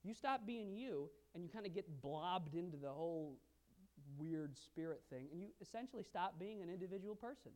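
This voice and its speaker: A male pastor preaching a sermon, asking the audience questions and swinging from quiet asides to loud emphasis. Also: high-pitched, expressive, moderate pace.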